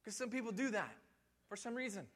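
High, bright-voiced pastor preaching. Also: male voice, expressive, fairly quick, big-room sound. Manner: conversational, repetitive, folksy. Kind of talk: sermon. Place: church sanctuary.

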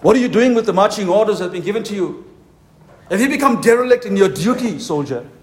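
A male pastor with a fairly high voice delivers a fervent sermon at a conference. He leans hard on slow, emphatic phrases. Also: lively intonation, a little mellow. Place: conference hall.

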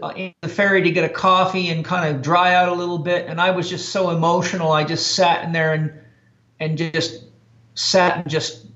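A man's voice: sits high, fairly bright tone. A man being interviewed, earnestly and reflectively recounting personal experiences, often restarting his sentences. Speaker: interview guest. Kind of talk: personal life story in conversation. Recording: echoey, slightly dull recording.

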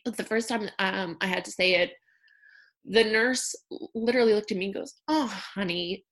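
A woman in her thirties telling a personal story in a candid, conversational way, with fillers and soft laughs. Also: medium pitch, fairly quick. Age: 30s. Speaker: storyteller sharing a personal loss.

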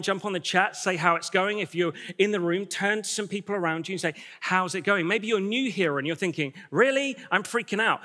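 Bright-voiced preacher in a hall. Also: male voice, a little high. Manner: enthusiastic, emphatic repetition. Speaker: pastor. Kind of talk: sermon. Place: church hall with congregation. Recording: reverberant church hall.

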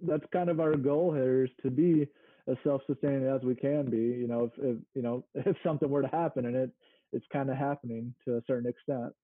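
This interview guest, a small farm owner from Mississippi, speaks briskly in a steady mid-range voice, easygoing and sometimes reaching for words. The audio has no room sound but is narrow, like a phone call.

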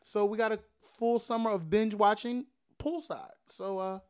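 Philly dude in his 30s, smooth clear voice, joking around on a podcast. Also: sits high, moderate pace. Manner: joking, slangy banter. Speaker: podcast co-host. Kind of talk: casual chat.

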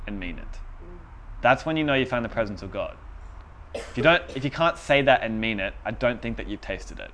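A young man giving an informal, conversational sermon, animated and laughing at his own points. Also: mid-range voice, a little fast. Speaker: preacher.

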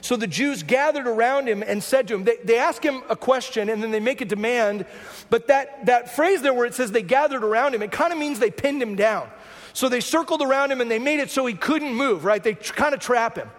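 A man's voice: very high-pitched, brisk. A man, a pastor, giving a sermon in a conversational teaching manner with frequent asides to the congregation. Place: church sanctuary. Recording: long hall reverb.

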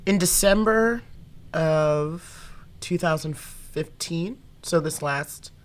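A woman's voice: low voice, takes it slowly. A young adult woman, an improv comedian and actor, telling stories in a casual interview and acting out what people said. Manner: animated storyteller who acts out quoted dialogue.

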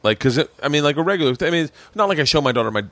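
A man's voice: on the high side, expressive, very fast, fairly bright tone, dry recording. A man hosting a podcast, telling rambling stories in casual chat. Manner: rambling storyteller, voices others in quotes. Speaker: podcast host. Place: small room.

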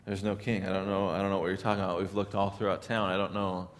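A man's voice: sits low, little pitch movement, fast talker, slight background noise, lightly acted. A man doing skeptical little mice. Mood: exasperated.

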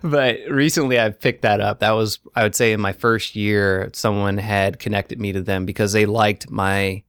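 A male voiceover actor speaking earnestly as a guest in a casual interview, in quick bursts. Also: fairly low pitch, steady tone, fairly bright tone, clean tone, dry recording, clean studio sound.

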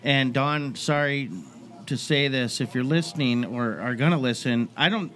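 A man's voice: medium pitch, normal speed, a bit bright. A man who is a guest on a talk show, chatting and telling a rambling story. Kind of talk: casual storytelling chat.

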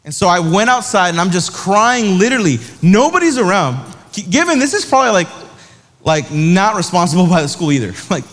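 A young man preaches to students with a slightly high voice. He talks like he is telling a story to friends, full of slang, and acts out the other people's voices. His voice rings with a long reverb, as in a large hall. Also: a bit bright. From South Dakota. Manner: casual storytelling with slang, acting out voices in anecdotes. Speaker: youth pastor. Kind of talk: sermon.

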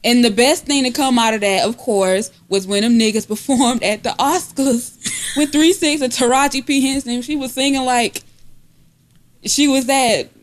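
A young woman co-hosting a casual comedy podcast, joking loudly, laughing often and breaking into shouts and sung lines. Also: moderate pace. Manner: loud, laughing often, bursts into high singing and shouting. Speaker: podcast co-host.

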